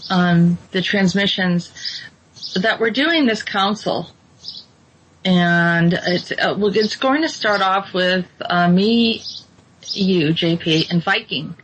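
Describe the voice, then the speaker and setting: A woman hosting a casual talk show, speaking hesitantly with many ums and restarts. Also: fairly low pitch. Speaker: host. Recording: dull lo-fi sound with faint noise.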